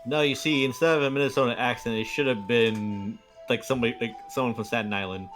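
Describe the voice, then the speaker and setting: Guy chatting on stream, average pitch, jokey, slides into goofy accents, soft music behind. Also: steady tone, fast. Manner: jokey, drops into silly accents. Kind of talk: casual chat on a game stream.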